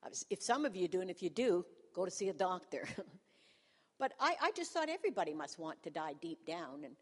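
Animated self-mocking woman in her sixties. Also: on the low side, brisk, breathy edge, long reverb tail. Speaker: pastor's wife. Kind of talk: humorous personal testimony to a congregation.

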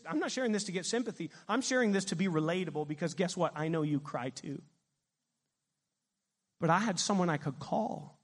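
A middle-aged man preaching a sermon as pastor, animated and asking his congregation questions. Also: high-pitched, brisk, in a large hall.

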